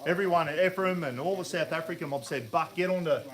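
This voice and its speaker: A man's voice: a little high, quick pace, a bit bright. An Australian man hosting a casual outdoor live stream, matey and chatty while he cooks. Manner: chatty, matey, laughing easily. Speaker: host. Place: outdoor camp barbecue. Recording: crowd noise behind.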